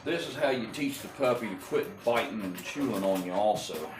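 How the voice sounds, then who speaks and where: Lowish-voiced guy rambling about puppy training to a wall camera, roomy echo. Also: lively intonation, moderate pace. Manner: folksy, rambling, with many ums and restarts. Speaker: dog breeder and trainer. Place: small indoor room with a puppy. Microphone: fixed camera on the wall. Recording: echoey room with clear background noise.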